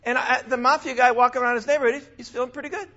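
A man with a high voice preaching a sermon, chatty and animated, often breaking off into asides. The recording is slightly dull and lo-fi, which softens the crisp edges of his speech. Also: racing. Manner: conversational, animated with asides and laughs. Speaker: pastor.

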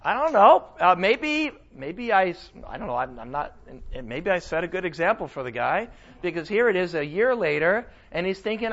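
A man teaching a Bible lesson in a casual, animated sermon style, often asking his listeners questions. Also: high voice, normal speed, dull audio. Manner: animated, conversational, asks the audience questions.

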